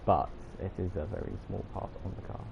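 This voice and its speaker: A man's voice: low voice, fairly even intonation, a little fast, vocal fry, background noise. A young man, streaming a racing game and trading teasing, jokey banter with his chat. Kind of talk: live gameplay chat with viewers. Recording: slightly dull audio with music behind.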